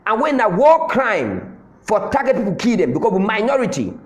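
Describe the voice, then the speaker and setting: A man's voice: high voice, sing-song, normal speed, reverberant. A man from Southern Cameroon with a Cameroonian Pidgin English accent, giving a fiery political address and hammering his points home with repetition. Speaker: political commentator.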